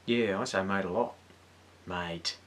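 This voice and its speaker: Laid-back New Zealand man, lively pitch. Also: normal speed. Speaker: guest. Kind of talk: casual chat.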